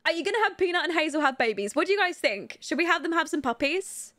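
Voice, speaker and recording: Young woman, high voice, dry close sound, chatty game commentary, giggly. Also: expressive, fast talker, sharp tone, dry recording. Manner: chatty, giggly, talks to her viewers and the game characters. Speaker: streamer playing a life-sim game. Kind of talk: casual gameplay commentary.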